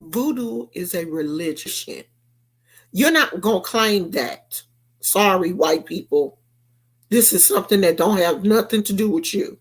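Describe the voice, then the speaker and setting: Sassy slow-talking woman ranting. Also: mid-range voice, expressive, breathy edge. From United States. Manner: sassy, emphatic, quotes people in raised voices. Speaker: vlogger. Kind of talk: casual storytelling rant. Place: California.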